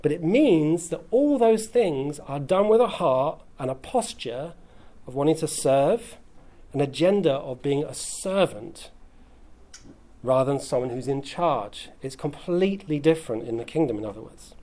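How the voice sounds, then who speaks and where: A pastor preaches to his congregation in a relaxed, conversational way. He mixes humour into the teaching and keeps checking in with "okay?". His voice sits a little high for a man. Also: unhurried. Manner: conversational and humorous, with frequent "okay?" check-ins. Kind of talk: sermon. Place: church hall.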